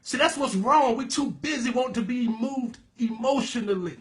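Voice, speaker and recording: A man with a high-pitched voice delivers a sermon-style teaching. He preaches with fervent emphasis, addressing his listeners as "baby." He breaks into loud exclamations and bursts of laughter. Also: normal speed.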